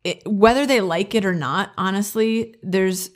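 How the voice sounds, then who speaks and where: A woman co-hosting a casual podcast chat, talking in a chatty, drawn-out way with lots of fillers. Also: medium pitch. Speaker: podcast co-host.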